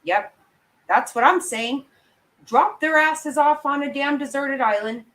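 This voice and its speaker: A woman's voice: high-pitched, a little slow, fairly bright tone, rough recording. A woman giving angry, blunt, profane commentary as a vlogger, talking straight to her viewers. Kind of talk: opinionated live commentary.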